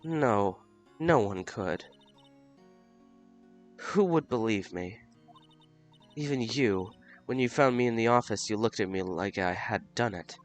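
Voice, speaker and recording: A man voicing an anxious, downcast young woman in a game reading, in a high, shaky voice. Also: slow pace, pauses often, soft background music.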